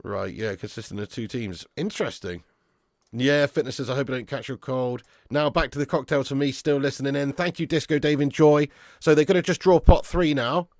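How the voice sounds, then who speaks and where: A man's voice: medium pitch, no echo, clean studio sound. A young man hosting a football fan live stream, reading viewer comments in casual banter. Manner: casual, banter, laughs often, calls viewers lad and mate. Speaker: football fan channel host.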